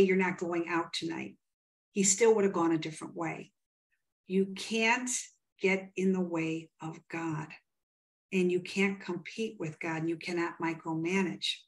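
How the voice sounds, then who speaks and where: A woman from the United States, a psychic medium, retelling a client conversation with emphatic, quoted dialogue in an interview. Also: lowish voice. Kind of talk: animated storytelling in an interview.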